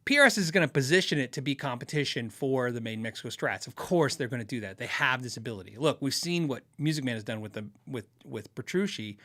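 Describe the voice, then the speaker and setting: A man's voice: medium pitch, animated, quick pace, few pauses, fairly bright tone. A middle-aged man hosting a live podcast, chatting casually through viewer questions, laughing often and acting out quoted voices as he tells stories. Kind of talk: casual live-stream chat.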